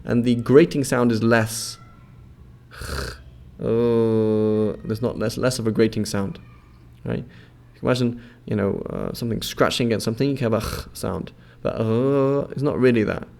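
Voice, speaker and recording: Gravelly-voiced man patiently teaching pronunciation. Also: medium pitch, steady tone, darkish tone. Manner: patient, repeats sounds slowly and checks with "right?". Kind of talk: instructional explanation with repeated model words.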